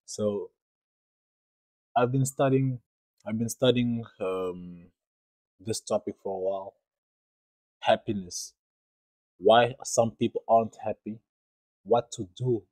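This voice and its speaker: A man's voice: on the low side, unhurried, pauses often, dark tone, no room sound, low-quality recording. A young man hosting a podcast, telling a true story in an earnest, rambling way, with many fillers and repeated phrases. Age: young adult. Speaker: podcast host. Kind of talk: storytelling monologue.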